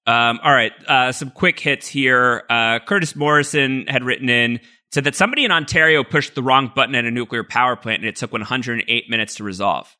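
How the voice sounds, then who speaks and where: Bright-voiced man co-hosting a chat. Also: mid-range voice, brisk, hardly any pauses. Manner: reads listener mail, laughs easily, many "uh" fillers. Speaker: podcast co-host. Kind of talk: casual chat.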